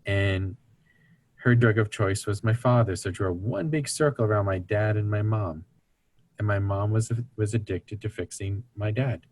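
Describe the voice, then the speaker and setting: A man's voice: lowish voice, measured pace, a little mellow, dry recording. A man speaking as an interview guest, explaining family dynamics in an earnest teaching tone and acting out the voices of people he quotes. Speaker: guest speaker on recovery ministry.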